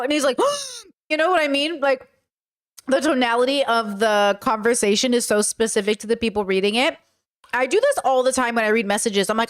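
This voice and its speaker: A woman's voice: on the high side, fairly quick. Chatty woman giving reaction commentary. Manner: chatty, opinionated, advice-giving. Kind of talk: casual commentary.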